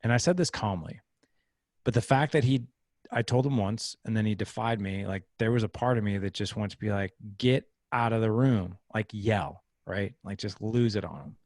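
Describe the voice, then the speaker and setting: A man's voice: on the low side, normal speed, a little mellow, no echo, studio quality. A man in his thirties, a podcast guest, telling a parenting story in an earnest, casual way and acting out the quoted lines. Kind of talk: casual interview talk.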